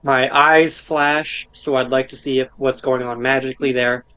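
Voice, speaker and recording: A man's voice: medium pitch, fairly even intonation, normal speed, sharp tone, clear, resonant tone, no room sound. A man at the gaming table talks through his character's moves. He works out what is going on as he speaks, and he keeps it casual, with a few fillers along the way. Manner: casual, questioning, thinking aloud. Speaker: player. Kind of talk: tabletop game play.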